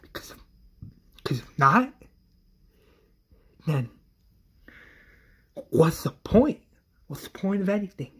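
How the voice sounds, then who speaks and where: A man's voice: high-pitched, sing-song, takes it slowly, pauses often, slightly rough, pitched above the performer's own voice, exaggerated voice. A man voicing a loyal friend who rallies a distraught leader in an earnest tone. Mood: rallying. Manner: earnest, rallying. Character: steady encouraging male friend, adult.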